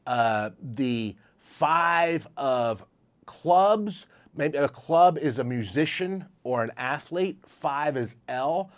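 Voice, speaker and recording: A man's voice: on the high side, lively intonation, slow. A man, a memory trainer, explaining a card-memorizing technique step by step in an upbeat instructional way. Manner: upbeat, walks through examples step by step.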